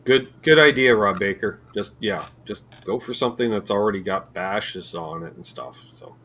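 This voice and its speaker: Canadian male co-host, bright lively delivery, faint hiss behind. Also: lowish voice, normal speed. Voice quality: joking, rambling. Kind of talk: casual chat.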